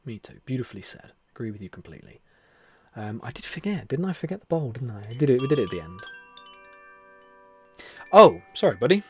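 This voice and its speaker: A man with a mid-range, sing-song, slightly rough voice hosts a live stream, talking fairly quickly with long pauses and using a headset mic with headphones. He reads out viewer comments warmly, calls people "buddy," laughs often, and shifts between near-whispers and louder speech.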